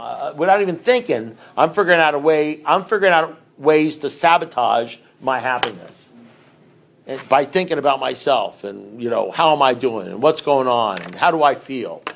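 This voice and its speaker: A man's voice: a little high, expressive, a little fast, gravelly, a bit bright, slight background noise. Middle-aged man sharing at a recovery meeting. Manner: rambling, conversational, asks the audience questions. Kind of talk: recovery talk to a group.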